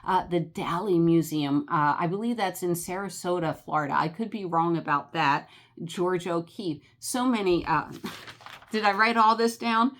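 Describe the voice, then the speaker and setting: A woman's voice: on the low side, moderate pace. Chatty New Jersey woman vlogger. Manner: chatty, animated, many fillers and laughs. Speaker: travel vlogger. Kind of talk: casual rambling chat.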